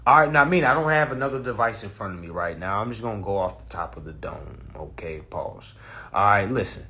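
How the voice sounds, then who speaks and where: A man hosting a casual livestream on his phone, talking in a preachy, animated way, cursing freely and laughing at his own points. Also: on the low side, brisk. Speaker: livestream host.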